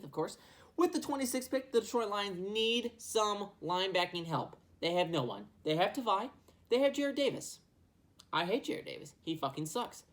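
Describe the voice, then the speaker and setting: A woman hosting a casual football mock draft and talking in a profane, rambling, jokey way. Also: on the low side. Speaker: sports video host.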